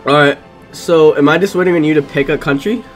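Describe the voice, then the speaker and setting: A man's voice: a little high, fairly quick, soft background music. Young man swearing through casual game chat. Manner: swears freely, loose and joking. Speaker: gaming channel host.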